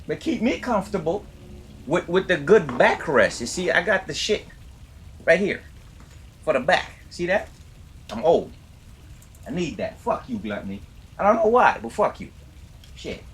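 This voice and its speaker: Hyped, profane male streamer, lively voice. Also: a little high. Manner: hyped, profane, teasing his chat. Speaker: game streamer. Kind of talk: casual livestream chat. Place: home gaming setup. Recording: noisy background.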